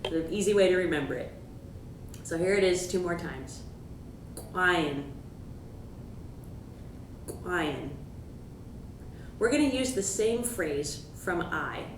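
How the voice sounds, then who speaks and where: A woman giving a pronunciation lesson, patiently repeating words slowly for the listener to copy. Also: lively intonation. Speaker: language teacher. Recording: echoey room, distant mic, background rumble.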